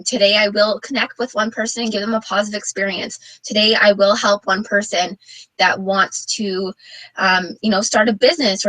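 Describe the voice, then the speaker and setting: A woman's voice: mid-range voice, sharp tone, no echo, low-quality recording. A woman coaching in a casual motivational talk, earnest and loose with fillers. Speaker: network marketing coach.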